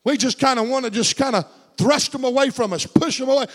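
High-voiced preacher man. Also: fairly quick, long reverb tail. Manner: swings between low, hushed asides and shouted climaxes; calls for amens from the congregation. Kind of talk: sermon.

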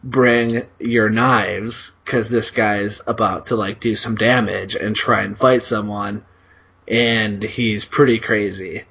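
A man's voice: fairly low pitch, fairly even intonation, slow, creaky, pushed and bright, slightly rough, dull audio. A man co-hosting a podcast, telling a long story in a rambling, profane way with lots of fillers. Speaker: podcast co-host. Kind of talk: casual storytelling.

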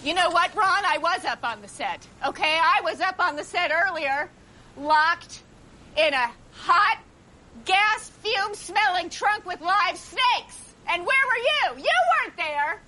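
Casting: bright, high middle-aged diva actress, shrill and indignant, TV comedy. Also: female voice, animated, a little slow, heavily acted. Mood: furious. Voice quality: shrill when angry. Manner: indignant, repeating herself. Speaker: lead actress in a series. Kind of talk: TV comedy acting.

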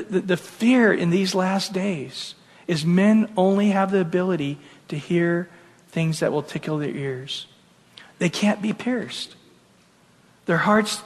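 High-voiced man preaching in a reverberant hall. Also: slow pace. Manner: earnest, animated preaching with acted-out quotes. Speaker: pastor. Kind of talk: sermon.

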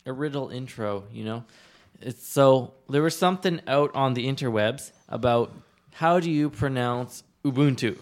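A man's voice: medium pitch, moderate pace. A man co-hosting a casual podcast, teasing and quizzing his friends. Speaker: podcast co-host. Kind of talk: casual banter.

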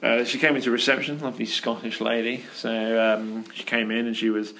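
A man's voice: mid-range voice, steady tone, a little fast, bright, forceful tone, a little hiss or hum. A man hosting a casual podcast chat in an office, telling a rambling story with plenty of fillers. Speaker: podcast host.

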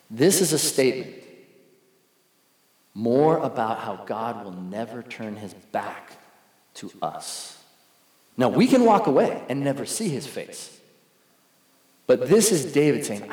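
A man's voice: medium pitch, expressive, normal speed, pauses often, darkish tone. A man preaching a sermon as a pastor, telling stories in a conversational way and acting out the people he quotes. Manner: conversational storytelling, acts out quoted voices. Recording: echoey hall.

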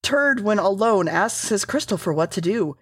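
A woman gives a loose, rambling episode recap, cursing casually and often correcting herself mid-sentence. Her pitch is mid-range for a woman. The recording is dry, with no room echo. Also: lively intonation, normal speed, a bit bright, husky. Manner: rambling, swearing, self-correcting.

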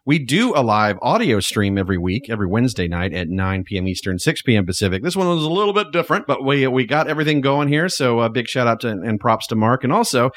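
Man, podcast host, jokey, animated pitch, dry studio. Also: fast talker, few pauses, no room sound. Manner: upbeat, jokey, lively. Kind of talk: casual podcast chat.

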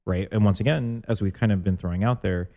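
A man co-hosting a casual chat show, reflective and gently probing in his questions, with a touch of humor. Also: fairly low pitch, fairly quick. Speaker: podcast co-host. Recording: faint guitar music underneath.

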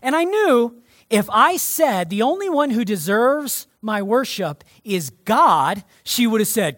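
A male pastor delivering a sermon to his church in an emphatic, energetic way. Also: extremely high pitch, a little slow, no echo, studio quality.

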